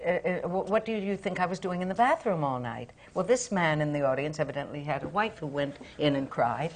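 A woman, a stage actress, telling a theatre anecdote on a panel, laughing often as she goes. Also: medium pitch. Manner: lively storyteller, laughs often.

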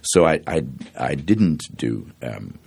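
Older Dublin actor, very low gravelly voice, anecdotal and unhurried. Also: male voice, very animated, darkish tone, a little hiss or hum. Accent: Dublin, South Circular Road. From Ireland. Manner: reflective, anecdotal, with many restarts and fillers. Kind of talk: interview, storytelling.

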